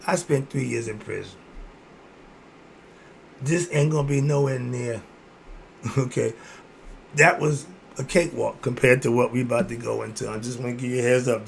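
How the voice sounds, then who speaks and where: A man in his sixties hosts his own video, ranting bluntly and answering his own rhetorical questions. His voice is medium-pitched with vocal fry, and there's a little hiss or hum in the audio.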